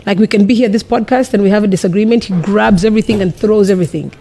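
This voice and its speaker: A woman from Africa, a podcast guest telling a personal story in a lively, animated way and acting out what was said back then. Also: medium pitch, background noise. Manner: animated, quick, acts out her own past lines.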